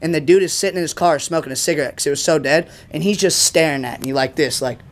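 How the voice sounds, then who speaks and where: On a podcast, a young male guest talks fast in a voice on the high side, rambling through a story in casual slang. Fillers pile up, and he acts out quotes for a dramatic retelling.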